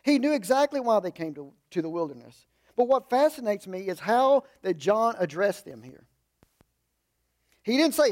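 A man with a high voice preaching in a relaxed, folksy way, stopping for humorous asides. He stresses points in raised bursts, then drops into low, quiet remarks. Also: moderate pace. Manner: shifts between emphatic raised lines and low asides. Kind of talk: conversational sermon.

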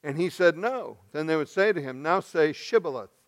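A man from Arkansas, preaching a sermon and acting out the voices in the story, swinging from loud to hushed. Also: on the high side, lively intonation, normal speed. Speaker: pastor.

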